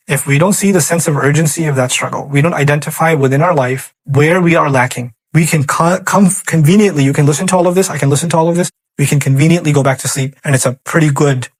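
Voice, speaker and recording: A man's voice: medium pitch, dry recording. A man giving an Islamic lecture, telling vivid stories and acting out scenes as he makes his points. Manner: animated storytelling, acting out scenarios; recites Quranic Arabic. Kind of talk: religious lecture.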